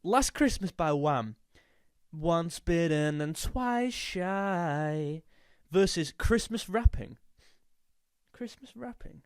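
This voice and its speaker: A man's voice: high-pitched, no room sound, studio quality. A young man chatting casually and jokily, now and then singing a snatch of a song. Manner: jokey, snatches of sung lines. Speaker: music youtuber. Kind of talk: casual chat.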